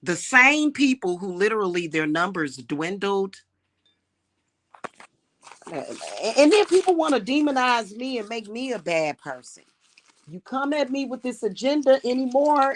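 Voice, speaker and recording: A woman's voice: a little high, sing-song, a little slow. A woman ranting heatedly on a livestream, cursing often, repeating words when worked up and calling her viewers y'all. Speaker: livestream host.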